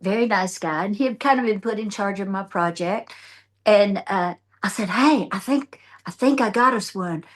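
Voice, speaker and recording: Animated older woman telling a story. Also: mid-range voice, moderate pace. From United States. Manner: animated, acts out others' voices in her anecdotes. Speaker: country songwriter and singer, interview guest. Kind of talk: storytelling in a casual interview. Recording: remote.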